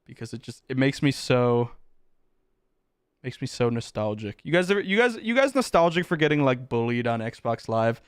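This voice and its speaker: A man's voice: medium pitch, big pitch swings, normal speed, smooth, dry recording, studio quality. A man streaming live, chatting casually with his chat, joking and swearing as he reacts. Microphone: close desk mic with headphones.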